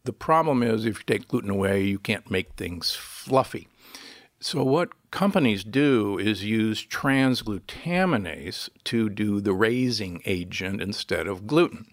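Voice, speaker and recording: A man's voice: lowish voice, lively intonation, measured pace, no room sound, studio quality. A man, a physician guest on a podcast interview, explaining health topics in an emphatic, lecturing way.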